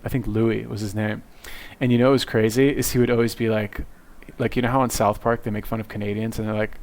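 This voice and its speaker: Gravelly, fast-talking young man riffing. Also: lowish voice. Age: young adult. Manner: rambling, profane, self-mocking, full of fillers. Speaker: video commentator. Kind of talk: casual reaction commentary. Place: his cluttered bedroom. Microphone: webcam.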